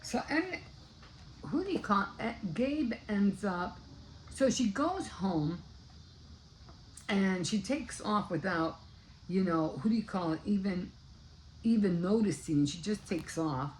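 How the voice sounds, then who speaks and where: A woman's voice: medium pitch, expressive, slow, long pauses, slight background noise, low-quality recording. An older woman casually retelling a book's plot in a rambling way, often stopping to search for words. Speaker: book vlogger. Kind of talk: casual book recap.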